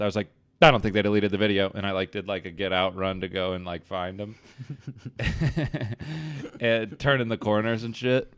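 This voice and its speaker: Man, podcast host, casual storytelling, self-mocking, crisp voice, dry room. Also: sits low, no room sound. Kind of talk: casual chat.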